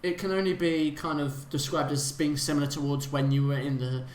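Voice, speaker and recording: A man's voice: a little high, fairly even intonation, a little mellow, slight background noise. Man game-mastering in a roomy room. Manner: halting, many fillers and restarts. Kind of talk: narrating a tabletop game.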